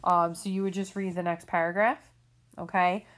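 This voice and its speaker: A woman's voice: fairly low pitch, level tone, normal speed. A woman teacher walking students through reading questions in a recorded lesson, patient and explanatory, often checking in with "okay?". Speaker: English teacher. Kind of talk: recorded remote lesson walkthrough.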